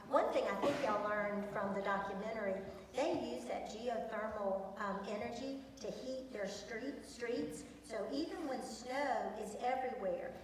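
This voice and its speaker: A woman's voice: on the high side, a little hiss or hum. A woman teacher presenting to students, chatty and enthusiastic, with many ums. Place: large echoey school hall. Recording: echoey hall from far off.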